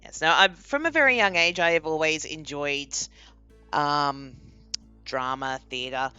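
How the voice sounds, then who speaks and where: A young woman streaming a game and chatting casually, animated and laughing often. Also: deep voice, unhurried, clear, resonant tone, dull audio, soft background music. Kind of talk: casual live-stream chat.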